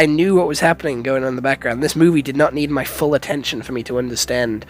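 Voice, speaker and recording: A man casually reviewing a film in a blunt way, swearing a lot, stumbling over restarts and calling people "dog". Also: a little high.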